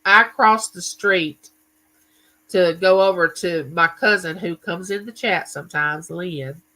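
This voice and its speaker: A man's voice: high-pitched, takes it slowly, bright, forceful tone, low-quality recording. Chatty man hosting a live chat. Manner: chatty, tells stories and greets viewers by name. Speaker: livestream host. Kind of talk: casual livestream chat.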